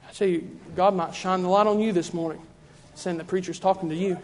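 Fairly even in intonation and brisk, a preacher with a voice high for a man delivers a revival-style sermon in church. His fervent rhythm keeps circling back to repeated phrases, and the hall lends a long reverb.

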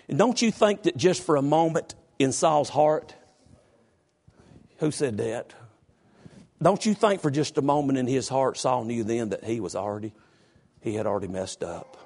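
Preacher with a husky voice. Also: male voice, expressive, normal speed. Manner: builds from low and quiet to high shouting. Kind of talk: sermon. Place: church.

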